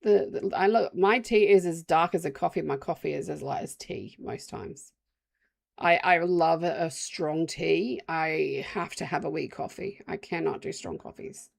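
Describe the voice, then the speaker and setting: Gravelly Australian woman streamer. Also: low voice, unhurried. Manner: rambling, chatty, talks to chat while playing. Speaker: game streamer. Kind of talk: casual live-stream chat.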